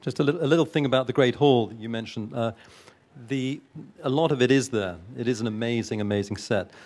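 Man, mid-pitched, earnest producer at a panel, hesitant. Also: fast talker, darkish tone. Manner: earnest, hesitant, many restarts. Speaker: film producer. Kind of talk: interview answers.

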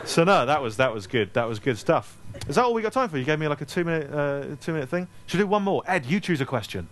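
A man, telling comic anecdotes to a live audience at a store event in a self-deprecating, animated way. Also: on the high side, quick pace, hardly any pauses, a little hiss or hum. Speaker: author speaking at a store event.

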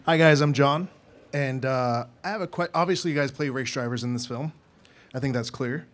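A man's voice: medium pitch, normal speed. A man asking a question from the audience, nervous and stumbling. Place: audience at a panel.

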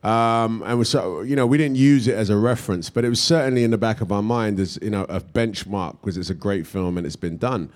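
A low-pitched British man in middle age answers questions from an audience. He talks in a loose, rambling way, full of restarts and fillers. He sounds easygoing and unhurried. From England. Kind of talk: casual Q&A answers.

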